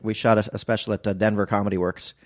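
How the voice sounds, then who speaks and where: A man's voice: on the low side, little pitch movement, quick pace. A man, a comedian guest, chatting casually and laughing readily. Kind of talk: casual chat.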